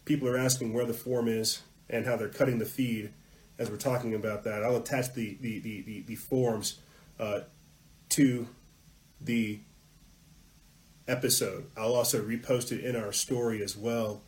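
A man hosting a political podcast, ranting heatedly, muttering asides then hitting words loudly, with some swearing. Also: mid-range voice, level tone, moderate pace, rough recording. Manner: heated, ranting, swings between muttering and loud emphasis; profane at peaks. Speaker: podcast host.

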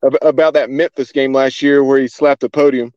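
Host guy asking slow halting questions, smooth even voice, muffled lo-fi audio. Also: mid-range voice, no echo. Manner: hesitant, halting with fillers. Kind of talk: casual interview questions. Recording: dull lo-fi dry recording.

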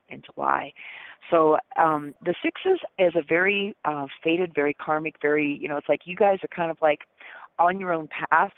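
A woman's voice: sits low, no echo. Chatty woman psychic on a phone line. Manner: chatty, laughing, full of fillers. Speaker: psychic guest. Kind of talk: casual reading on a call-in show.

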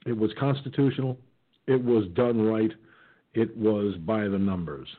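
Over a tinny, phone-like line, a man with a fairly low voice hosts a political talk radio show at a measured pace. He rambles with many fillers and restarts and says he hasn't eaten, so he may sound like his mouth is full.

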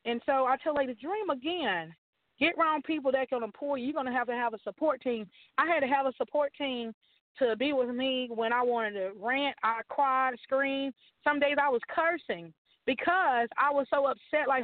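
A high-pitched woman pastor gives an emphatic, preacher-like testimony. She repeats her rallying lines again and again. Her voice comes dry and tinny, as if over a phone line. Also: normal speed, no room sound. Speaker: guest author and pastor. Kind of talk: testimony and encouragement on a talk show.

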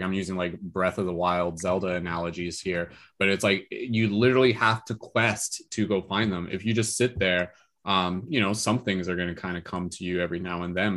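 A man hosting a group discussion podcast, talking in a relaxed, rambling way with many fillers. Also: low voice. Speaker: podcast host leading a dream discussion.

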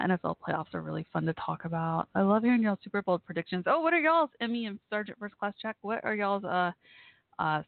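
A woman's voice: lowish voice, vocal fry, no echo. A woman hosting a casual call-in talk show, chatty and giggly, with frequent laughs and fillers. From Texas. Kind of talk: casual call-in radio chat. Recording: tinny phone-like line.

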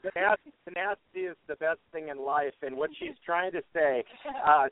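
A man's voice: a little high, moderate pace, a crowd in the background. A man auctioneer telling folksy, joking stories in a casual interview. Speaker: auctioneer guest. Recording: tinny phone line, dry.

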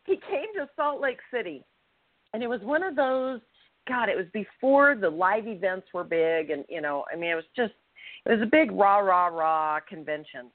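A woman co-hosting a podcast, telling a personal story with animated, acted-out quotes. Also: medium pitch, moderate pace, no echo. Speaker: podcast co-host. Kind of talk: casual storytelling. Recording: tinny phone-line sound, dry.

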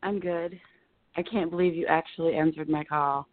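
A woman in her fifties calls in to a live show over a tinny telephone line, her low voice fairly even in intonation and at normal speed, with no room sound. She speaks in emotional, rambling bursts, holding back tears.

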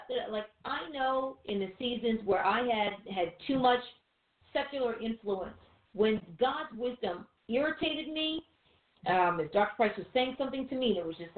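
A woman preaching in a relaxed, chatty way, firing off rhetorical questions and little asides. Her voice comes through thin and phone-like, with a roomy echo around it. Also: fairly high pitch. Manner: animated, rhetorical questions, quick asides and laughs. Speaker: co-host of a Christian teaching show. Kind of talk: casual conversational preaching. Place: room with a few listeners behind the cameras. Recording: tinny phone-like sound in an echoey room.

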